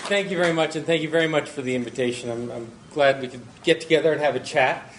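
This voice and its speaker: A middle-aged man giving a conference talk as a guest speaker, animated and self-deprecating, laughing often. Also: fairly high pitch, fast, a loud crowd. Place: lecture hall. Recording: echoey hall, faint noise.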